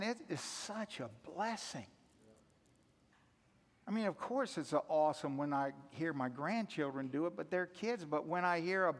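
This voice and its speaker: An older man preaching a sermon as pastor, conversational and earnest, swinging from hushed to loud. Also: sits high. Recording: echoey hall reverb.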